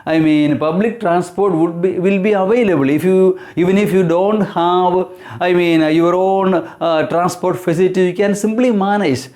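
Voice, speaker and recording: High-voiced man teaching an exam lesson. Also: steady tone, a little mellow. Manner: hesitant, many fillers and self-corrections; deliberate, instructive explaining. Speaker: English teacher. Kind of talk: exam-prep lesson explaining speaking answers.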